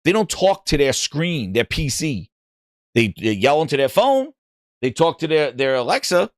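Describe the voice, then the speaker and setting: A man's voice: fairly high pitch, big pitch swings, normal speed, no echo, clean studio sound. A man hosting a gaming podcast, talking in a rambling, casual way with lots of fillers and restarts. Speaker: podcast host.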